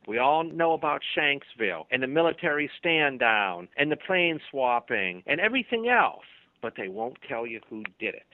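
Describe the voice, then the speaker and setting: A man's voice: mid-range voice, no room sound. A man being interviewed as an author on a talk radio show, speaking emphatically and acting out imagined dialogue. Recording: tinny dry phone line.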